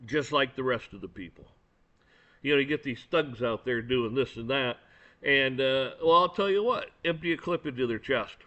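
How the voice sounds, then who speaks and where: A man's voice: medium pitch, moderate pace, sharp tone. A man giving a blunt, profane and angry opinion rant, often stumbling and repeating words. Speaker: commentator. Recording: dull lo-fi recording.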